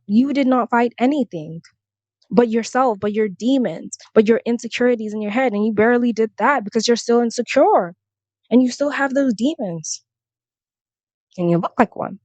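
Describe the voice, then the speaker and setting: A woman's voice: fairly high pitch, moderate pace, darkish tone, dry recording, dull audio. A young woman giving a heated, sarcastic commentary rant to the camera, exasperated and blunt. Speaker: commentary vlogger.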